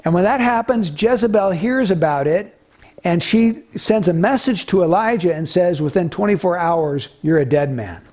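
A man's voice: sits high, a little mellow. A man preaching an expository sermon, retelling a story in an earnest way with small restarts.

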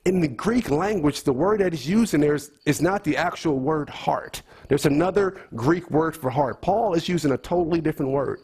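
Man, high voice, husky, earnest bible teacher, repeats himself for emphasis, asks the room questions. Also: expressive, normal speed, a little mellow. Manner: earnest, repeats key phrases, quizzes listeners.

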